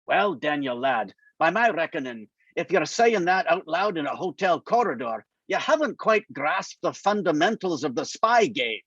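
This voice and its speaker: Gruff, teasing older man, read by a male author, lively and slightly high, dry sound. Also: moderate pace, hardly any pauses, no room sound, highs cut off, exaggerated voice. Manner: dry, mocking. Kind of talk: reading aloud from a novel.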